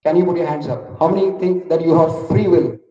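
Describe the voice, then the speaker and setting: A man's voice: fairly high pitch, fairly even intonation, a little fast, warm tone. A man with an Indian English accent giving a motivational talk, telling a story and asking the audience questions. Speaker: motivational speaker. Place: large hall. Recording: echoey hall from far off, dull.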